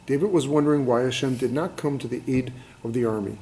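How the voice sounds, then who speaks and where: Male student reading a commentary in class, mellow tone, plain and even. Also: mid-range voice, fast talker, a little hiss or hum, rough recording.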